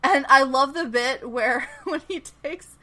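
A woman with a bright, high-leaning voice chats casually as a podcast co-host. She talks animatedly, laughs often and slips into quick impressions of characters while recapping. Her delivery stays loose and conversational. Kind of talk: casual chat.

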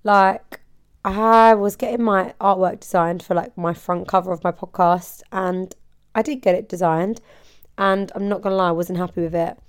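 A woman's voice: medium pitch, fairly even intonation, moderate pace, smooth. A woman hosting her own podcast, chatting in a bubbly, rambling way and laughing often. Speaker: podcast host and hairdresser. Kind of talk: casual solo podcast chat.

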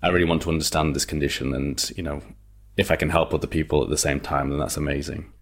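Very deep-voiced hesitant man. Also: fairly even intonation, fast. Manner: hesitant, thoughtful, many fillers. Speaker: guest author. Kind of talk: interview conversation.

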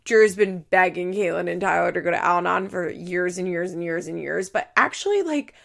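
A woman's voice: fairly low pitch, a little fast, gravelly, a bit bright. A young woman hosting a podcast, chatting casually through a recap, with lots of "like" and acted-out quotes. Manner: chatty, uses "like" a lot, acts out quotes. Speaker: podcast host.

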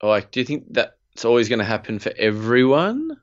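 A man's voice: mid-range voice, very animated, normal speed, highs cut off. A man in casual chat, asking questions and laughing along with his co-host. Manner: mostly brief backchannel, laughs along.

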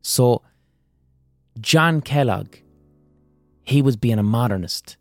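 A man hosting a podcast, delivering a comedic monologue with profane, animated ranting. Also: mid-range voice, slow, no room sound, faint music behind. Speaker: podcast host.

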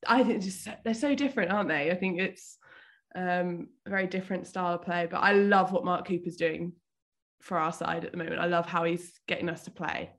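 A woman's voice: lowish voice, a little fast. A woman guest in a casual football chat, cheerful, laughing and diplomatic.

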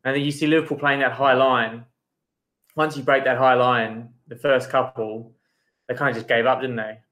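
A man's voice: medium pitch, level tone, moderate pace, a bit bright. Man from australia, podcast guest, casual football chat, tentative. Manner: tentative, lots of kinda and right.

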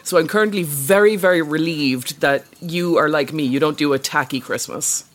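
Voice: mid-range voice, moderate pace, a bit bright. A podcast co-host chatting casually and trading dry, sarcastic quips. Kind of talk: casual comedic podcast chat.

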